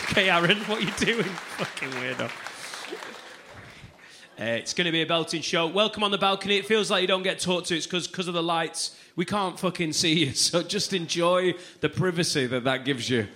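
Cheeky high-voiced man doing crowd work. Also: background noise. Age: 30s. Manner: loud, cheeky, swearing banter. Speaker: stand-up comedian. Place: comedy club stage before a crowd.

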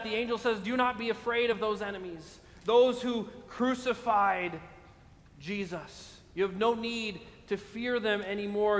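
High-voiced preaching man in a reverberant hall. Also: a bit bright. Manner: emphatic preaching with slow stressed phrases and frequent "right?". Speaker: pastor. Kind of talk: sermon.

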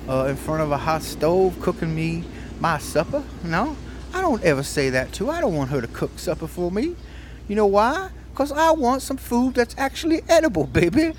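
A man's voice: fairly high pitch, a little hiss or hum, lightly acted. A man doing a crooning old soul singer. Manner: croons "baby" at the end of lines, drawn-out and teasing. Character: older male soul singer, sweet-talking, calls everyone baby. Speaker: podcast co-host. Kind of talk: comedic impression.

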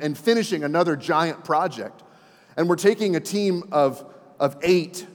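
A man in his forties, a pastor preaching a sermon, telling stories with chatty asides to the congregation. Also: high voice. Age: 40s. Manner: animated storyteller, folksy asides to the congregation. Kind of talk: sermon with storytelling. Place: church sanctuary. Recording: reverberant church hall.

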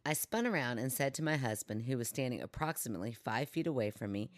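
Woman podcast host, low, lively voice, dry close sound, animated storyteller. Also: fast, dry recording. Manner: animated storyteller acting out quotes. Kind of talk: casual chat and reading listener stories.

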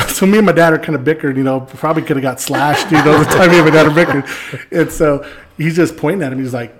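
Male podcast guest, mid-pitched, spins an animated yarn and acts out every quote. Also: quick pace. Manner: animated, acts out quoted lines with swearing and laughs. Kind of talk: casual storytelling.

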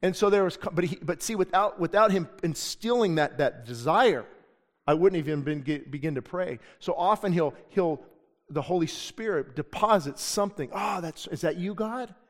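A middle-aged man with a fairly high voice preaches at a normal speed from a church sanctuary, where the hall's reverb lingers long. As pastor, he is earnest and conversational, weaving in personal stories.

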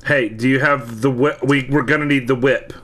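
Brief: playful male co-host with a bright, sharp tone. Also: mid-range voice, fairly even intonation, normal speed. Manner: joking, playful. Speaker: podcast co-host. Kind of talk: casual chat.

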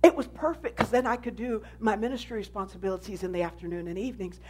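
A woman pastor giving an animated sermon testimony, telling her story with emphasis. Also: medium pitch, fast, husky.

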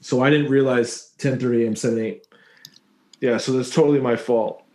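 A man's voice: mid-range voice, fairly even intonation, a little fast, warm tone. Rambling, jokey man in mid-range voice. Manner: rambling, jokey, self-correcting. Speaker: podcast co-host. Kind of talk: casual movie-review chat.

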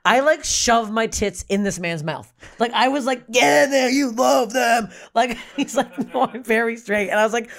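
A woman in her thirties from Canada, a comedian guest in casual podcast chat, telling crude stories with lively acted-out quotes. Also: on the high side, normal speed, hardly any pauses. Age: 30s.

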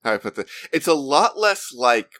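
A man co-hosting a podcast, thinking out loud as he searches for words in a casual discussion. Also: mid-range voice, big pitch swings, a little fast. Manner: thoughtful, searches for words, mock-quotes characters. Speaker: podcast co-host.

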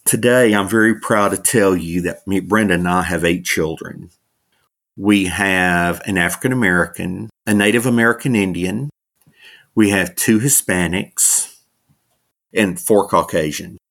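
A man's voice: deep voice, measured pace, a bit bright. A middle-aged man, a minister, telling his life story in an interview, laughing often and acting out the voices of people he quotes. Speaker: guest, minister and author.

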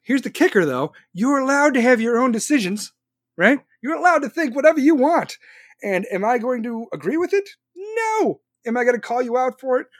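A man's voice: very high-pitched, lively intonation, normal speed, no room sound, studio quality. A man hosting a casual live stream, reading viewer comments aloud and answering them with sarcastic, argumentative commentary on his phone. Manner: argumentative, sarcastic, talks back to chat. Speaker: podcast host live-streaming.

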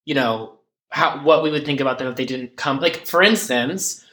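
A man co-hosting a casual recap podcast, chatting with quick asides and fillers, recorded in person on dodgy audio. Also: mid-range voice, pushed and bright. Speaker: podcast co-host. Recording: echoey room, dodgy audio.

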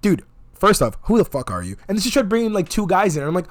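Fast-talking, profane young man. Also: sits high. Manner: profane, animated, acts out quotes. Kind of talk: casual storytelling chat.

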